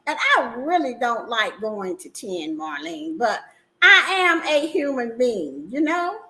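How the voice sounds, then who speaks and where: A woman hosting a casual livestream talk show, animated and emphatic, often laughing as she talks. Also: a little high, takes it slowly, low-quality recording. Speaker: livestream host.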